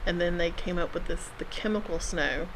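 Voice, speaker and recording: A woman's voice: fairly low pitch, a little fast, background noise. A woman co-hosting a podcast in casual chat, chatty and laughing as she talks. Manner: chatty, laughs while talking. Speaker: podcast co-host.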